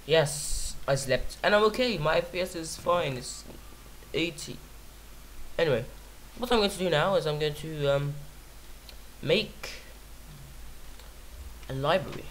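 A man's voice: on the high side, normal speed, fairly bright tone, slight background noise. A man giving casual let's-play commentary on his own game, rambling and silly, talking to himself and singing nonsense syllables. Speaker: gaming YouTuber.

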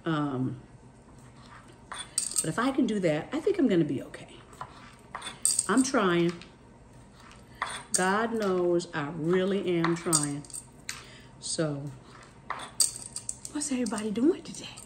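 A woman's voice: lowish voice, lively intonation, slow, long pauses, noisy background. A middle-aged woman, chatting casually to her viewers while she cooks in her home kitchen. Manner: chatty, talks straight to viewers with "y'all". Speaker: cooking vlogger. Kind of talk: casual chat while cooking. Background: dishes and cutlery clatter.

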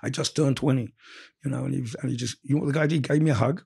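Fast, gravelly storyteller. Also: male voice, medium pitch. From England. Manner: animated, profane, quick storyteller. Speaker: interview guest. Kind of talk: storytelling in casual conversation.

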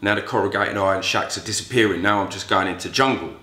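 Guy swearing through a story, bright punchy voice, roomy echo. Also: fairly low pitch, fast talker. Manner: profane, blunt storytelling. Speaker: vlogger. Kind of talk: storytelling vlog.

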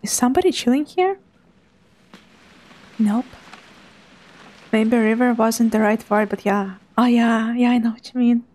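A young woman, quietly commentating a live game stream in a hushed, soft voice. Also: fairly high pitch, a little slow, long pauses. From Russia. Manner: hushed, softly spoken to avoid making noise.

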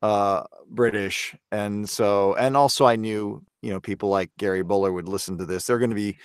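A man's voice: lowish voice, fairly even intonation, moderate pace, smooth, dry recording, clean studio sound. A man from Canada, a voice actor guest, talking earnestly and self-critically in a casual podcast interview.

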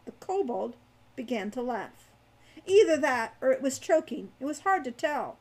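A woman reading her own young adult fantasy novel aloud in a lively storytelling way. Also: a little high, moderate pace. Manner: animated narration.

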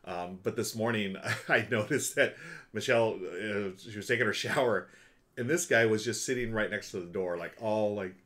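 A man's voice: on the low side, normal speed, fairly bright tone. A man hosting a casual live stream from home, upbeat and thanking viewers by name as he chats.

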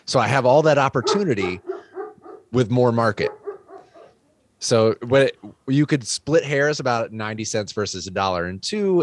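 Man, very deep voice, energetic, argumentative, panel guest. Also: no room sound. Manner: energetic, argumentative, builds his case. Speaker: guest defending chickens. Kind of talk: casual panel debate.

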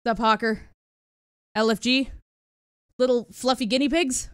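A woman streaming a video game live, excitable and giggly as she thinks aloud. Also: fairly high pitch, moderate pace, long pauses, clear, resonant tone, no room sound, studio quality. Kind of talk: live gaming stream chat. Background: game music.

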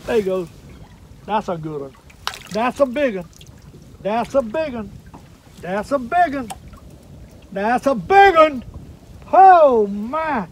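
Older man, high voice, outdoors. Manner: chatty, excitable, repeats himself. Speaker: fishing show host. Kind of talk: folksy running commentary while fishing. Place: on a fishing boat on a lake, outdoors. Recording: wind and boat noise outdoors.

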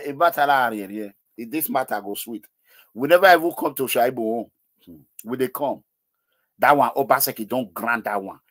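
A man with a Nigerian accent hosting a political call-in show, talking excitedly and slipping into Pidgin. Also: mid-range voice. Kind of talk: animated political commentary with callers.

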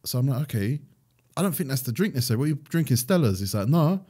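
A man's voice: medium pitch, sing-song, dark tone, breathy edge. Man teasing a friend on a podcast. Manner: teasing, quick anecdotes. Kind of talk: casual chat.

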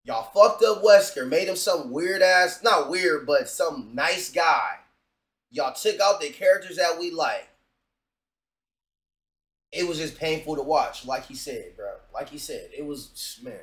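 A man's voice: a little high, animated, a little slow, a bit bright, echoey room, low-quality recording. A man hosting a reaction video, talking bluntly and profanely straight to his viewers in a casual way.

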